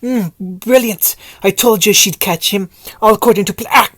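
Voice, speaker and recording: A woman's voice: on the high side, little pitch movement, brisk, slightly rough, no room sound, voice pushed up. A woman doing a rowdy, cackling young man. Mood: excited cheering. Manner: loud, gleeful, shouting encouragement.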